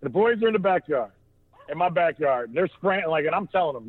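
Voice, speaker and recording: A man shares a loose story on a podcast, his talk full of restarts and easy laughter. His voice sits a bit high. He comes through a thin, tinny phone line. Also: lively intonation, brisk, breathy edge. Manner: rambling, with many restarts and laughter. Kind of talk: casual storytelling chat.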